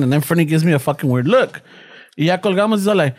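A man's voice: a little high, animated, fast, a little mellow. A man co-hosting a casual chat, telling a story and mixing English with Spanish slang.

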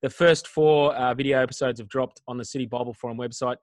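A man's voice: mid-range voice, steady tone, quick pace, no echo. A male co-host presenting a resources segment in an upbeat, casual way.

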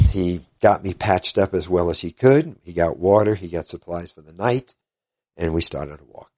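An older man, a guest in an interview, earnestly retelling events in a halting way and quoting what others said. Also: deep voice, darkish tone. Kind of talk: casual storytelling interview.

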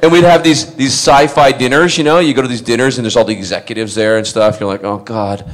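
A man's voice: mid-range voice, steady tone, fast. Middle-aged male actor, chatty fan Q&A storyteller, laughs a lot, rambles and restarts lines. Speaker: actor answering fan questions. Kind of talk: anecdotal convention Q&A.

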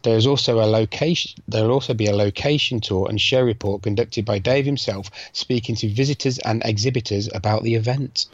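A man's voice: on the low side, brisk, hardly any pauses, no echo. A man co-hosting a casual podcast, making teasing quips and reading out event news. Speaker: podcast co-host. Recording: dull, dry podcast mic.

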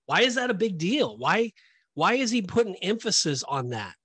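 A man with a fairly high voice leads a casual Bible teaching discussion on a podcast. He talks emphatically, leaning into his points and acting out reactions, and the sound is close and dry with no room around it. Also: normal speed, slightly rough, no echo. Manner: animated, emphatic, acts out reactions. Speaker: Christian podcast co-host.

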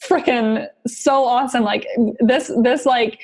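A woman's voice: a little high, steady tone, unhurried, a little mellow. A woman hosting a podcast, reacting to her guest with effusive praise and encouragement and many casual fillers. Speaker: podcast host. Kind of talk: casual interview chat.

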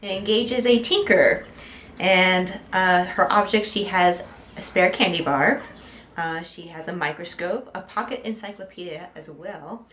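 A woman's voice: on the low side, unhurried, fairly bright tone, roomy sound, a little hiss or hum. A woman player introducing her game character, hesitant with many ums.

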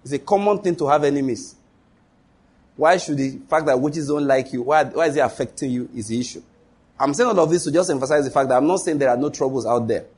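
Emphatic husky male preacher. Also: quick pace, darkish tone. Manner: emphatic preaching with sudden high-pitched exclamations and rhetorical questions. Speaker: pastor. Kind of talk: sermon.

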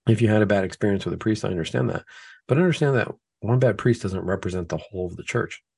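A man's voice: lowish voice, fast talker, gravelly, a little mellow, husky, no echo. A man hosting a Catholic talk show in casual conversation, acting out excuses in a raised voice and building his points through repeated questions. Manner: acts out imagined excuses in a raised voice.

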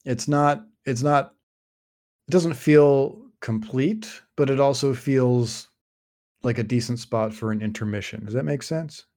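Here a podcast host casually sums up a fantasy novel, rambling with many fillers and restarting often. He speaks in a mid-range, darkish voice at a measured pace.

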